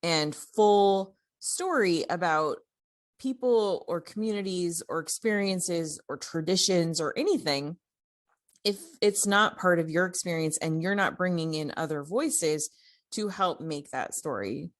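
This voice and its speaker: A woman with a lowish voice chats on a podcast, recorded dry and close to the mic. She tells her story in a loose, animated way, full of "like" and "you know" and restarts. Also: measured pace, dry recording. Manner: animated, many fillers and restarts. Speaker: podcast co-host. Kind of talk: casual conversational storytelling.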